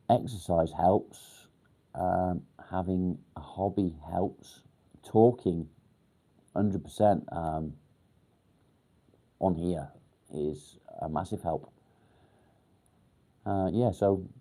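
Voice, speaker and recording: Man, low voice, mellow tone, halting, lots of ums, casual swearing, live chat. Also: husky. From England, near Warrington. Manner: halting, pauses to think with many ums. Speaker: livestream host.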